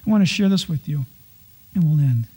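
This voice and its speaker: A male pastor preaches a sermon full of animated storytelling, mimicking people's complaints in exaggerated voices. His voice is a little high and a little fast, with a breathy edge.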